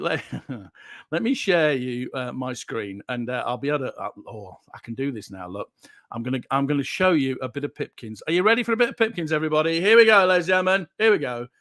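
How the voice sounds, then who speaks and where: A man's voice: a little high, lively intonation, a little fast, fairly bright tone, no echo, studio quality. A man from Yorkshire hosting a casual, jokey livestream show and reading out viewer comments. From Yorkshire, England.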